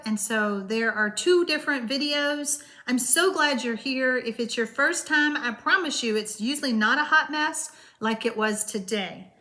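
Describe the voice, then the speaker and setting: A woman's voice: high-pitched, sharp tone. A woman hosting a live-streamed card-making class, chatting loosely with viewers and answering their comments, with frequent hesitations.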